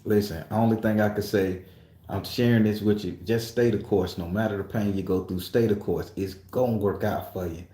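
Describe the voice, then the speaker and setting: A man's voice: fairly low pitch, steady tone, moderate pace, dark tone. A man at a tattoo shop telling an emotional personal story in a profane, emphatic way. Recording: echoey room.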